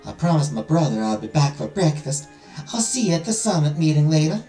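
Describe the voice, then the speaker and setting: A man's voice: on the high side, sing-song, fairly quick, mellow, reverberant, faint music behind, voice pushed up, low-quality recording. A man voicing a sweet, shy young princess with a put-on Southern accent, gushing and earnest as he reads a visual novel aloud.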